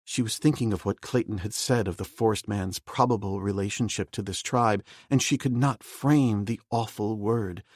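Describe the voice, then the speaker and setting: Steady, measured male audiobook narrator. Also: fairly low pitch, no room sound, studio quality.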